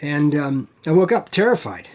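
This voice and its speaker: A middle-aged man teaching a class in a casual storytelling way, acting out his own panicked thoughts in lively bursts. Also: a little high, moderate pace, background noise.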